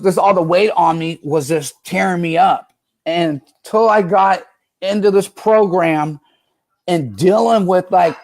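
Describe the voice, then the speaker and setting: Man, middle-aged, raspy gravelly voice, high pitch, loose rambling talk. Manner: loose, rambling, says "dude" a lot. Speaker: guest, professional skateboarder. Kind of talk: casual interview, recovery story.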